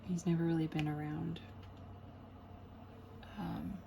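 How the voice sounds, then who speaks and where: A woman's voice: sits low, level tone, takes it slowly, creaky, background noise. A woman in a casual, rambling chat while she works on a diamond painting at home, with lots of fillers and small laughs. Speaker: crafting vlogger.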